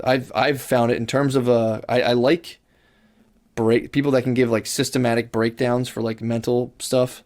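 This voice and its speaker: A man's voice: medium pitch, steady tone, moderate pace, darkish tone. A young man co-hosting a podcast in casual chat, talking in long, looping sentences full of "like", restarts and swearing. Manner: rambling, swears freely, many restarts and "like". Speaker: podcast co-host. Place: podcast studio.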